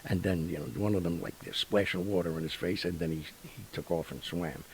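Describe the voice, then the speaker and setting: A man hosting a show, telling stories in a rambling, animated way with lots of fillers and sound effects. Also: low voice, a little fast, husky, low-quality recording. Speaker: radio show host. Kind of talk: casual storytelling monologue.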